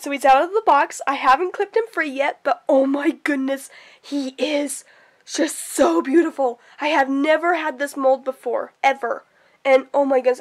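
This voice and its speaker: A woman vlogger narrating an unboxing, gushing and repeating excited exclamations. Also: high-pitched. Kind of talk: unboxing vlog.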